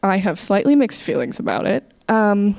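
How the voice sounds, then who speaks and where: A woman's voice: medium pitch, sing-song, normal speed, vocal fry, darkish tone. A young American woman doing a stand-up comedy set over a webcam, chatty and self-deprecating, often laughing as she talks. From United States. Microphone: webcam, leaning in and out.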